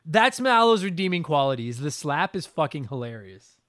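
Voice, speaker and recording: A young man co-hosting a podcast, ranting in an animated, profane, casual way. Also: a little high, a little fast. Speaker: podcast co-host. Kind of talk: casual chat.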